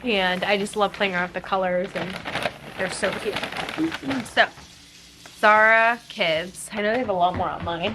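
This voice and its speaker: A woman's voice: medium pitch, moderate pace, background noise. A woman vlogging at home and reading a bedtime story to her baby, playful and sing-song with animal sounds. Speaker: vlogger, mother.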